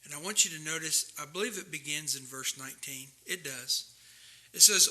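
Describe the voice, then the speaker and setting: A man preaching a sermon, swinging from quiet asides to loud, impassioned reading of scripture. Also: high-pitched, moderate pace.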